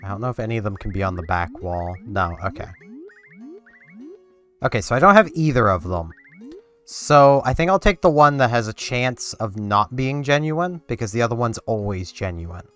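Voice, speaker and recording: Low, smooth-voiced man rambling over gameplay. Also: lively intonation, moderate pace, fairly bright tone, soft background music. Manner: rambling, talks to himself and the game. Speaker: gameplay commentator. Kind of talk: casual let's-play commentary.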